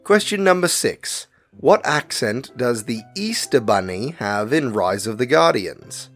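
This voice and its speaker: A man's voice: mid-range voice, sing-song, a bit bright, faint music behind. A man co-hosting a casual podcast, reading quiz questions and answer options aloud with chatty asides. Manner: reads options slowly and deliberately, chatty asides. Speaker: podcast co-host and quizmaster.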